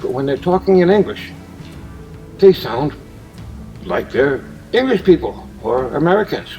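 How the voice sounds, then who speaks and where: A man casually pitching a movie idea in a meandering monologue, with restarts and uneven loudness. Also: recorded from a distance, low-quality recording.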